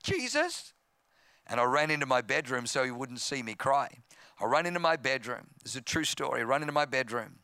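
An Australian pastor in his fifties talks fast in a mid-range voice, recorded with clean studio sound and no room echo. Telling his testimony in a sermon, he acts out voices and grows loud and impassioned.

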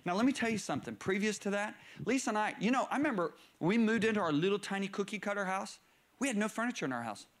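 A middle-aged male preacher telling stories in a sermon, swinging between low murmurs and raised, excited bursts. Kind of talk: storytelling sermon.

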